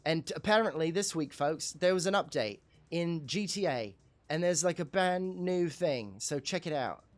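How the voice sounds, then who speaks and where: A man's voice: fairly high pitch, lively intonation, normal speed, pitched above the performer's own voice, lightly acted. A man voicing a faceless YouTuber with a put-on Irish-Scottish accent and a bouncy, singsong lilt. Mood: hammy.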